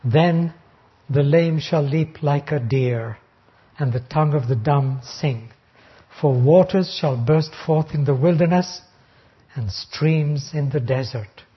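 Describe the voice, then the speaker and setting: A man preaching an expository sermon, reading Bible verses slowly and then explaining them deliberately. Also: fairly high pitch, husky. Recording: dull lo-fi recording.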